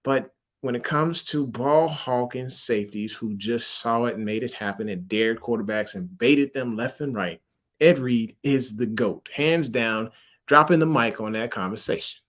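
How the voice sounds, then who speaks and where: A Louisiana man whose accent blends Southern and military influences hosts a casual sports-fan livestream, chatting animatedly in slang and laughing often. His pitch is medium and his pace moderate.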